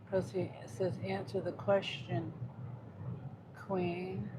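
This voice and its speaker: A woman livestreams as a delivery driver, chatting casually and reading viewer comments aloud as she drives; her fairly low voice moves little in pitch and she takes it slowly. A phone mounted on the dash captures noisy in-car audio.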